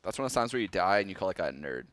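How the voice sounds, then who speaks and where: Man, esports commentator, low voice, lively intonation, relaxed, chuckling. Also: very fast, dry recording. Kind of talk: casual broadcast commentary.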